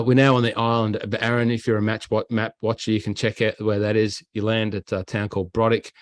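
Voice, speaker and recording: A man's voice: fairly low pitch, dry recording. A middle-aged Australian man hosting a golf podcast, telling travel stories in a chatty, enthusiastic way. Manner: chatty, enthusiastic anecdotes with playful impressions. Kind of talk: casual storytelling chat.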